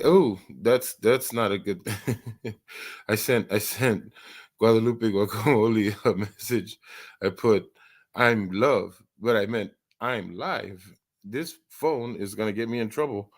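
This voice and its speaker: Man, slightly low voice, casual live stream chat, rambling, lots of stammered restarts. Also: slow. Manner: laughs often, easygoing.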